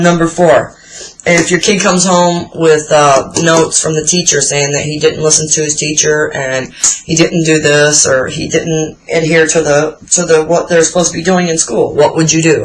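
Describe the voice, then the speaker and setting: A woman's voice: low voice, slight background noise, rough recording. Blunt, foul-mouthed woman in her forties. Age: 40s. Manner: blunt, profane storyteller. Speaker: vlogger answering a tag video. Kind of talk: casual chat.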